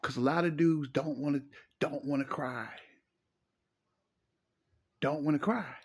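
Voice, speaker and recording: Gravelly man giving earnest advice. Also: fairly high pitch, steady tone, a little slow. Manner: preachy, emphatic, repeats phrases. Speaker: relationship commentator. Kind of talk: casual advice monologue.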